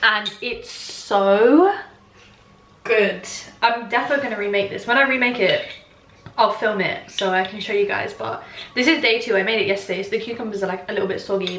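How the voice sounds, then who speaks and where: Young woman, diary vlogger, bright, chatty and animated, stacks repeated words for emphasis. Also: mid-range voice, quick pace, slight background noise. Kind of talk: casual diary vlog.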